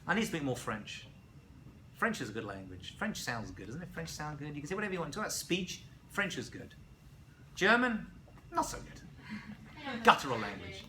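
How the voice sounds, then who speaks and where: A man, a rabbi, giving a casual classroom lecture to students, animated and often checking in with "right?". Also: on the high side, fairly quick, slight background noise. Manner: animated, asks students questions, frequent "right?". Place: college lecture room.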